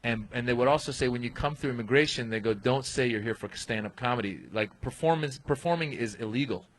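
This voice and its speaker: A man telling an animated story as a guest comedian on a comedy podcast. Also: medium pitch, fast, low-quality recording. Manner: animated storyteller, acts out voices.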